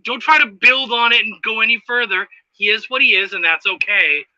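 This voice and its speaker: Excited host guy, high bright voice, swears, reads chat comments, kinda muffled lo-fi audio. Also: fairly quick, no room sound. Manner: enthusiastic, profane, reads viewer comments. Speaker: podcast host. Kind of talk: casual interview chat.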